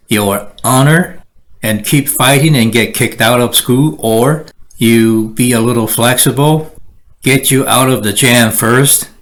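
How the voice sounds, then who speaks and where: A man teaching a lesson on word choice from slides, measured, acting out short example phrases. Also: lowish voice, a bit bright. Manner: slow, measured, acts out example lines. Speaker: instructor.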